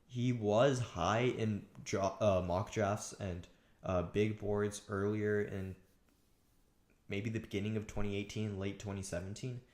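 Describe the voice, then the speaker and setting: A man's voice: fairly low pitch, fairly even intonation, unhurried, a little mellow, echoey room. A man talking through football draft picks alone, casual and thinking aloud with frequent restarts. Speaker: sports commentator. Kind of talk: solo draft analysis talk.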